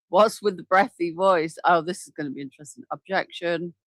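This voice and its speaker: A woman's voice: lowish voice, moderate pace, no room sound. Chatty woman reacting live into a desk mic. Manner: chatty, reacts aloud with exclamations. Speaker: host reacting to trial footage. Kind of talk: casual live commentary. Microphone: desk microphone.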